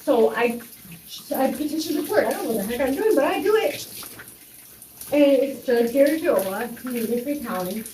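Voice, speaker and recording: A young woman with a high, animated, mellow voice tells a personal story at a moderate pace, rambling with lots of fillers and restarts. She's off-mic in an echoey room, with faint running water, a little hiss or hum, and a distant sound.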